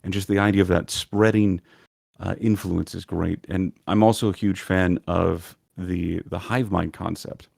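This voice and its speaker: A man's voice: sits low, steady tone, measured pace, gravelly, a little mellow, no room sound, studio quality. A man being interviewed on a podcast, talking thoughtfully and hesitantly with many ums. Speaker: podcast guest, lore video creator. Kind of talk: casual interview chat.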